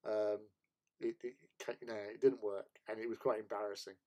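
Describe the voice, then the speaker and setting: A man's voice: fairly low pitch, flat delivery, brisk, a little mellow. A man, hosting a hobby stream and telling long anecdotes in a casual chat, often breaking into laughter. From England. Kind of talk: casual chat while painting miniatures.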